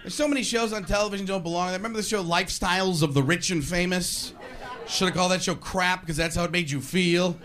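A man doing a stand-up comedy routine in an animated way, slipping into mock voices, with audience laughter behind him. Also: sits high, fast. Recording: live club set with crowd.

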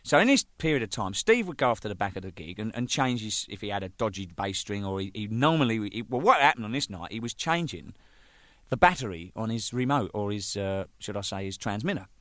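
An older man, a band's drummer, telling rambling, profane stories, laughing and acting out the shouting in them. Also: lowish voice, big pitch swings, brisk, dry recording, clean studio sound. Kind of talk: casual anecdotal storytelling.

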